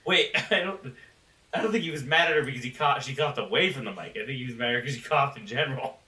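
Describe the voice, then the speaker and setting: A man playing a tabletop game with friends, excitable and laughing often, swearing casually. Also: mid-range voice, fast, roomy sound, distant mic, poor audio. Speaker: player.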